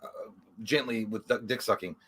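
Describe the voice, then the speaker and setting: A man's voice: on the low side, fairly bright tone, breathy edge. A man co-hosting a livestream, telling rambling comic stories and slipping into mocking impressions. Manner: fast, rambling storyteller, slips into mocking impressions. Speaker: livestream co-host. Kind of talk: casual comedic banter.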